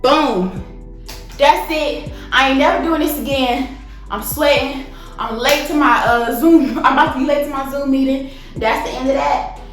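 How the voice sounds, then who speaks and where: A woman's voice: sits high, a little slow, reverberant, soft background music. A young woman, vlogging in a nervous, joking way, counting down and yelping, shaky and sweaty. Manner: dramatic, nervous, joking, loud yelps and counting down. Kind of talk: casual vlog chat. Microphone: phone camera.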